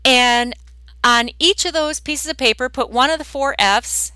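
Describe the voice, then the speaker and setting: A woman's voice: sits high, measured pace, sharp tone, clear, resonant tone, no room sound. A woman hosting her own podcast as a weight loss coach, talking bluntly and directly in a sing-song way. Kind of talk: direct solo podcast talk.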